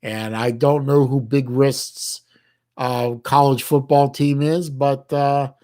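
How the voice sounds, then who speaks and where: With a mid-range voice, level and warm in tone, a middle-aged American man reads his livestream chat. He talks casually and haltingly, often restarting, with plenty of folksy slang.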